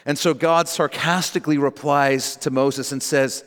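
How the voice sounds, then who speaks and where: A man's voice: a little high, steady tone, unhurried, few pauses, a bit bright. A male pastor preaching a sermon in a church, emphatic and direct, repeating his key phrases for weight. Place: church sanctuary. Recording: long reverb in a large hall.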